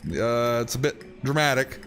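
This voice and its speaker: Lively wry male game streamer. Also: mid-range voice, unhurried, gravelly, soft background music. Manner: wry asides between reading. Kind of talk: let's play, reading game text aloud.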